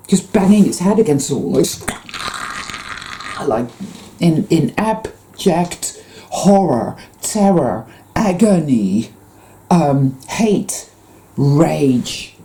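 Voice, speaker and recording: A woman's voice: low voice, big pitch swings, slow, dark tone. A woman giving an intense, rambling spiritual monologue to her viewers, full of swearing. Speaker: spiritual vlogger.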